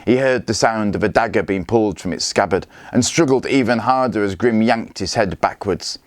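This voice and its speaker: A man, a teacher, reading a children's novel aloud with steady, expressive storytelling. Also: lowish voice, normal speed, dry recording. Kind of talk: read-aloud story narration.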